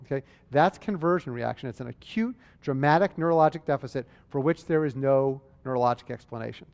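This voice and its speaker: A man giving a conversational, animated medical lecture, acting out exchanges with patients. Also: a little high, in a large hall.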